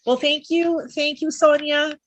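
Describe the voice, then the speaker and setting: A woman's voice: sits high, flat delivery, measured pace, muffled recording. A woman hosting a live interview show, heartfelt and chatty, with many fillers. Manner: heartfelt, lots of fillers and restarts. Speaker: talk show host.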